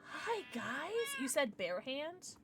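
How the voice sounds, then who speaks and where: A woman's voice: high-pitched, big pitch swings, slow, over music. A young woman streaming a video game, chatting casually and breaking into squealing baby talk with her pets. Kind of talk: casual gameplay livestream chat.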